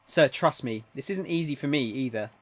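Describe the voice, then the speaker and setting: A man voicing an earnest, polite male lab assistant who gently pleads. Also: medium pitch, lively intonation, moderate pace, no room sound, close to an everyday voice. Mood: pleading.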